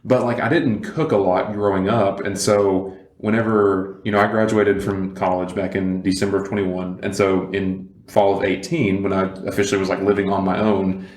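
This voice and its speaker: A man's voice: sits low, level tone, normal speed, few pauses, a little mellow. Young Southern man hosting, roomy sound. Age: young adult. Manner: chatty, laughs along, frequent backchannels. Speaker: podcast host. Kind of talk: casual podcast interview.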